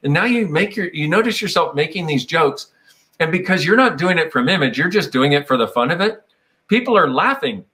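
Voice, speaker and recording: With a fairly high, animated voice that's pushed and bright, a man talks a little fast about personal growth. He rambles reflectively in a casual way, slipping into playful voices when quoting others.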